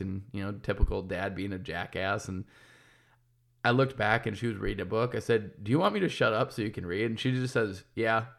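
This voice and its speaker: A man's voice: mid-range voice, gravelly. A man in his thirties talking casually and candidly, swearing freely and restarting his sentences as he thinks aloud. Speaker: podcast host and business owner. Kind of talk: casual monologue.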